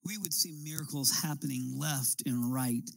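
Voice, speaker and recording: A man's voice: mid-range voice, normal speed, vocal fry, dry recording, poor audio. A man preaching a sermon as a pastor, building his points with emphatic, rising appeals.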